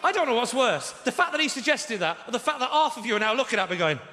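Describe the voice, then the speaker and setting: A man's voice: very high voice, sing-song, quick pace, sharp tone. A man doing a stand-up routine on a large theatre stage, telling stories with sarcastic, mock-indignant delivery. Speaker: stand-up comedian. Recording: live theatre, roomy hall.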